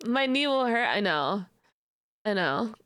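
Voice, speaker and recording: A woman's voice: medium pitch, sing-song, measured pace, fairly bright tone, dry recording, clean studio sound. A young adult woman streamer chatting casually with her audience, giggly and playfully teasing. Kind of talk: casual live-stream chat.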